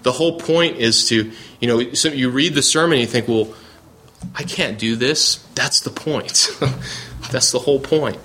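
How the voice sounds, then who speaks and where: A man's voice: mid-range voice, moderate pace, pushed and bright. A man teaching a Bible class, reading scripture aloud in an earnest way and often restarting sentences as he searches for words.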